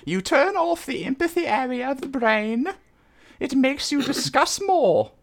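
A prim poster in a put-on British accent, as a woman acts her out, high and swooping. She reads slowly, with a theatrical lilt that makes every claim sound grand. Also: lively intonation. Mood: mock-serious. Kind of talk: comedic reading of a post aloud.

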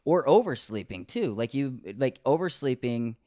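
A man's voice: mid-range voice, expressive, normal speed, dark tone, no room sound, clean studio sound. A man chatting casually on a podcast, loose and swearing a lot. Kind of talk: casual chat.

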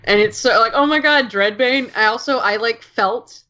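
Female podcast guest, higher voice, excitable fan gushing, lo-fi audio. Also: normal speed. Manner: gushing, excitable, acts out scenes, lots of "like". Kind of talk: casual podcast chat.

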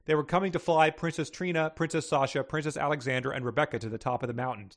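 A man's voice: fairly high pitch, fairly even intonation, fast talker, few pauses. Man reading stories aloud. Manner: plain storybook reading, chuckles. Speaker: quiz host. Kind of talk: reading passages aloud, casual chat.

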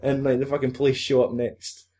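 A man's voice: mid-range voice, little pitch movement, fairly quick, dark tone. A young man, casually recapping a film in a rambling, sweary way with frequent laughs.

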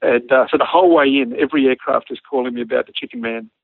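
A man with an Australian accent telling a lively story about flying a helicopter, acting out the radio calls and laughing often. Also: medium pitch, fast, creaky, no echo, narrow, tinny audio. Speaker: former army helicopter pilot telling a story. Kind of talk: casual anecdote.

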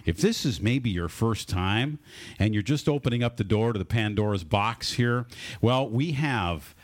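A man's voice: fairly low pitch, lively intonation, measured pace. A man hosting a radio talk show, giving upbeat announcer patter about the program and its guests. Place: radio studio.

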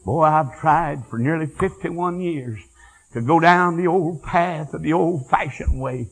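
An older man preaching a fiery revival sermon, moving from quiet storytelling to shouted praise. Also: fairly high pitch, a little slow, vocal fry, low-quality recording. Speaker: evangelist.

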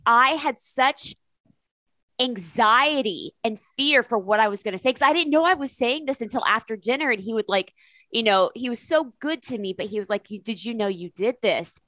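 Casting: middle-aged woman, earnest animated storyteller, dry close sound. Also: on the high side, moderate pace, dry recording. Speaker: guest. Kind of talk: interview storytelling.

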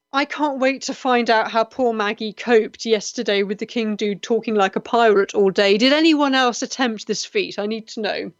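A woman's voice: fairly high pitch, no echo, dull audio. A middle-aged woman from the West Country of England, hosting a live chat show and reading out viewers' comments in an earnest, chatty way. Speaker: host.

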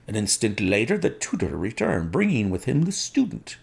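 A man narrating a classic story in an expressive, unhurried way. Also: lowish voice, gravelly, slightly rough. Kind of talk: storybook reading.

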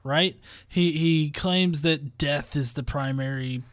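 A man's voice: a little high, slow pace, a bit bright, dry recording, studio quality. A man co-hosting a casual, irreverent podcast, cracking crude jokes and chuckling. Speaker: podcast co-host.

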